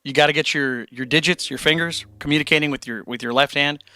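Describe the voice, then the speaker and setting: A man's voice: a little high, fairly even intonation, quick pace, bright, forceful tone, no room sound. A young man streaming and answering chat questions about guitar, blunt and encouraging, with casual swearing and rambling tangents.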